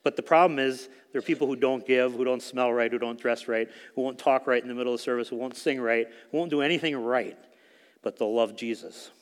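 A man's voice: medium pitch, fairly even intonation, fairly quick, big-room sound. A middle-aged man giving a conversational sermon testimony in a church, telling a story with frequent fillers. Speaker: speaker at church.

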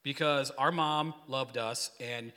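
A man in his forties, a youth pastor, preaches a casual, joking sermon in a church hall, leading the crowd in call-and-response. His voice is mid-range, slow and clean, and he rambles energetically like a storyteller. The recording carries a long hall reverb.

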